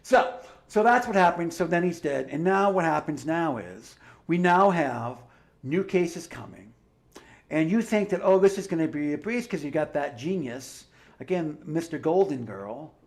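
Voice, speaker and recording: A man's voice: fairly high pitch, expressive, measured pace. Man ranting profanely on a livestream. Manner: sarcastic asides. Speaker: livestream commentator. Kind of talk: heated livestream monologue.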